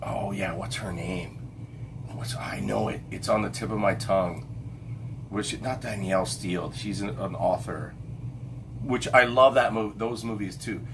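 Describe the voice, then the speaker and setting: A man's voice: lowish voice, measured pace, creaky, background noise. A middle-aged man hosting a casual late-night livestream chat, rambling and stopping to hunt for names with lots of fillers and restarts. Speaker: livestream host.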